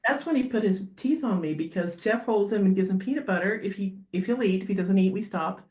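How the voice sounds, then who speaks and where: Woman dog behaviorist on a podcast, lively, acts stuff out, echoey room. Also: medium pitch. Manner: animated, acts out dogs and owners in quick asides. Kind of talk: podcast interview conversation. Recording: roomy echo.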